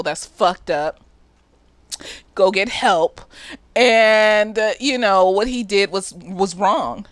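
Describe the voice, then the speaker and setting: A woman talking casually and profanely as she recaps a TV episode, slightly tipsy, often laughing and jumping into high squeaky voices for the characters. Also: dry recording. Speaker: therapist reviewing a TV episode.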